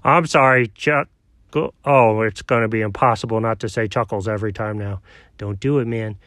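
Man doing a low, skeptical sidekick. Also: fairly even intonation, moderate pace, fairly bright tone, dry recording, studio quality, lightly acted. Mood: teasing. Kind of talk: homemade comedy skit.

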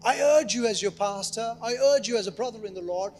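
A man's voice: high voice, fairly quick, a little mellow, faint music behind. A man preaching a sermon as pastor, telling a story with animation and acting out what people said. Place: church service.

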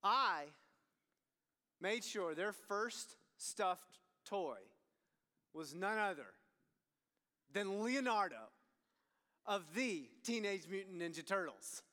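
Bright-voiced preacher in a hall. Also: male voice, high voice, takes it slowly, long pauses. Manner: animated storytelling, swings between loud and hushed. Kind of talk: sermon. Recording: long hall reverb.

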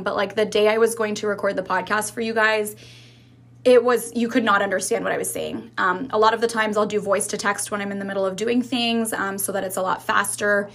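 A young woman talks through her own podcast in a loose, rambling way. She swears freely and leans on fillers. A slight lisp softens her speech. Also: medium pitch, fairly even intonation, brisk, gravelly. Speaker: podcast host. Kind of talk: casual solo podcast chat.

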